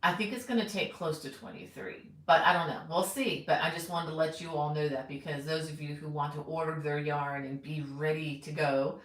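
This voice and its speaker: A woman's voice: low-pitched, steady tone, fairly quick, few pauses, echoey room, low-quality recording. A middle-aged woman teaching crochet, chatting casually on a live stream and greeting viewers by name.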